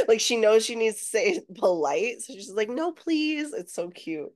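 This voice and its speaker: A woman in her thirties co-hosting a podcast, telling stories in a lively way and laughing easily. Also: medium pitch, measured pace. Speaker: podcast co-host. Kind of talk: casual chat.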